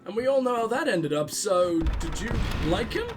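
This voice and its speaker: Sweary, high-voiced gaming host. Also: male voice, very animated, moderate pace, soft background music. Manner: rambling, sarcastic, heavy swearing. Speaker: let's play host. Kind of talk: casual gaming commentary.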